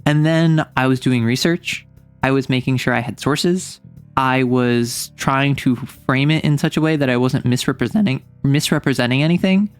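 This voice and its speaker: A woman's voice: extremely low pitch, moderate pace, smooth, faint music behind. A young adult woman streaming a game, chatting casually and joking with mock indignation.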